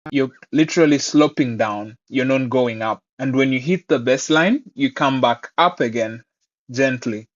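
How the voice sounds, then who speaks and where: A man walks learners through a Mandarin lesson, patient and encouraging, with unhurried, deliberate phrasing. His voice sits at an ordinary middle pitch. The recording sounds a little dull and lo-fi. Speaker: Mandarin teacher. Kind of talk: online language lesson.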